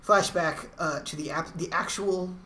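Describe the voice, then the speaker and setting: A woman's voice: on the low side, a little slow, fairly bright tone. A woman co-hosting a casual chat, retelling TV plot details in a dry, matter-of-fact way. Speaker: podcast co-host. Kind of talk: casual chat recapping a TV episode. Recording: echoey room, faint noise.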